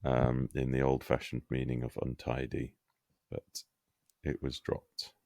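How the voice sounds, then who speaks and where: A man co-hosting a podcast, explaining a detail in a measured, curious way. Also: extremely low pitch, monotone, creaky, warm tone, dry recording, studio quality. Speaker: podcast co-host. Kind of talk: casual discussion.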